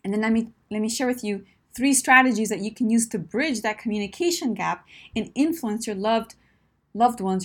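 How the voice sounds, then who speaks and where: A woman with a medium-pitched voice gives a direct advice talk, coaching her listeners. She is emphatic and encouraging, frequently checking in with "right?" and "my friend."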